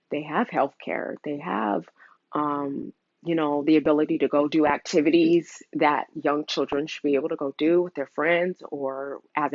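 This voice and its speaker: A woman's voice: low-pitched, no echo. A young woman speaks openly and earnestly in a personal vlog, thinking aloud with plenty of fillers. She sounds emotional and close to tears. The sound is dry and dull, with a lo-fi quality. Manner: earnest, open, many fillers. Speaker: mother sharing a custody story.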